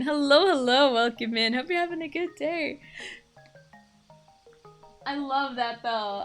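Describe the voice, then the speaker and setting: A woman's voice: high voice, measured pace, pauses often. A young woman from Kansas with a Midwestern accent, chatting casually and giggling while she streams a game. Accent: Midwestern American. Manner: giggly, chatty, frequent laughs. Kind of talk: casual live-stream chat while gaming. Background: faint game music.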